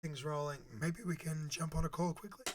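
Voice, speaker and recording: Squeaky-voiced man with a sore throat. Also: fairly even intonation, fairly quick. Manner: chatty, talks to viewers while setting up. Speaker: live streamer. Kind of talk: casual live-stream chat.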